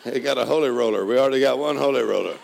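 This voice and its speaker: An older man preaching a sermon, joking folksily and building to shouted praise. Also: medium pitch, very fast, vocal fry, slight background noise. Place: church hall. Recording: live church audio with crowd. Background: congregation laughing and responding.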